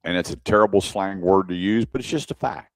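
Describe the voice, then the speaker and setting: A man's voice: low voice, a little fast, vocal fry, dry recording. A man hosting a car radio show, telling a story in casual chat and acting out the dialogue. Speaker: radio show host, former car salesman.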